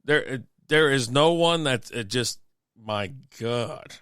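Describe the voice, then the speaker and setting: A man's voice: mid-range voice, animated, slow pace, a bit bright, smooth, dry recording, studio quality. A man chatting casually as co-host of a beer and sports stream, rambling through profane stories with frequent laughs while sick with a cough. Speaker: podcast co-host.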